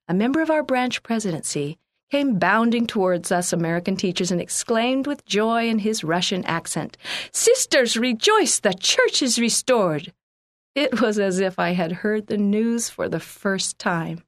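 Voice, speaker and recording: A woman reading a first-person church magazine article aloud in a measured, earnest way. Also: lowish voice, no room sound, clean studio sound. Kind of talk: scripted first-person narration.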